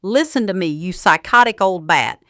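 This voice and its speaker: A woman's voice: fairly low pitch, animated, moderate pace, bright, forceful tone, no echo, studio quality. A woman doing a snarling arrogant son-in-law. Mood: furious. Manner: snarling, venomous, panting. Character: arrogant, furious son-in-law, man, middle-aged.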